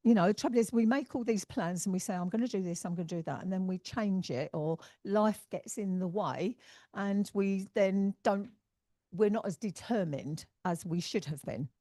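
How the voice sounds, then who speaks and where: A woman with an English accent, working as a spiritualist medium and giving messages from the platform, talking in a reassuring, halting way with sighs and fillers. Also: mid-range voice, mellow, no room sound, clean studio sound. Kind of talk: mediumship demonstration. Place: church hall.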